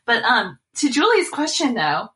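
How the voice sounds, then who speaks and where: A woman appears as a guest, a small business owner chatting casually in an enthusiastic, effusive way and filling her speech with lots of "like" and "um." Her slightly high voice swoops wildly in pitch, sounding pushed and bright at a moderate pace, and the recording is rough.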